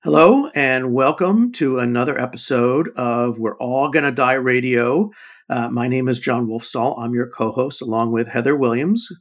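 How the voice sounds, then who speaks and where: A man co-hosting a podcast, chatting loosely in a middle-pitched voice. He jokes along, stumbles over restarts and scatters fillers through every sentence. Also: normal speed, few pauses. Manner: joking, lots of fillers and restarts. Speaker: podcast co-host. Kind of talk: casual chat.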